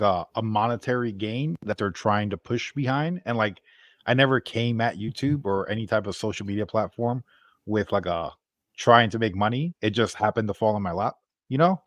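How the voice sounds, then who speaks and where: A man's voice: lowish voice, moderate pace, dry recording. A man appearing as a guest on a casual livestream, answering in a laid-back, hesitant way. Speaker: guest, a comics and gaming content creator.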